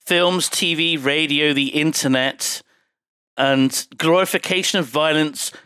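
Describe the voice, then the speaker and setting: A podcast co-host chatting casually about a film, expressive and swearing freely. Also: mid-range voice, measured pace, smooth, no room sound, studio quality. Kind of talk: casual chat reviewing a film.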